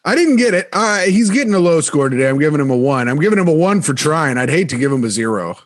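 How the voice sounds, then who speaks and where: A man's voice: fairly high pitch, sing-song. A man co-hosting a comedy podcast, chatting casually, laughing often and stumbling through read-out jokes. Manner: joking, laughs often, reads jokes haltingly. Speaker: podcast co-host.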